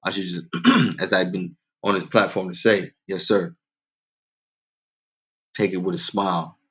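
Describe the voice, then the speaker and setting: A man's voice: fairly even intonation, measured pace, a bit bright. A man hosting a casual radio show, telling dad jokes, laughing at his own punchlines and talking straight to his listeners. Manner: quoted voices go far higher in pitch.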